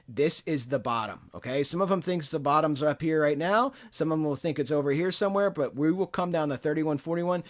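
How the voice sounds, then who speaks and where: A middle-aged man hosting a market analysis show, talking viewers through trading charts in a chatty way with joking asides. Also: a little high. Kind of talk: casual trading chart commentary.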